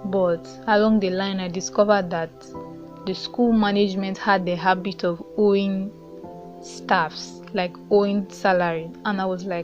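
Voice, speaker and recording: A woman's voice: medium pitch, fairly even intonation, unhurried. A woman in her twenties tells her own story in a plain, reflective way. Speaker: guest sharing her story. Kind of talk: recorded personal story. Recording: dull lo-fi recording with faint music.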